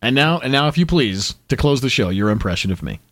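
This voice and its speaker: Joking man hosting with lively pitch. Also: fast, no room sound. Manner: joking, laughs often. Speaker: podcast host. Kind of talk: casual chat.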